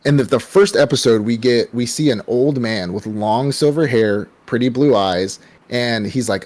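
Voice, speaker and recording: A man's voice: medium pitch, moderate pace, hardly any pauses, darkish tone. A young man hosting a casual anime podcast, retelling a show in a rambling, profane way full of fillers. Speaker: podcast host.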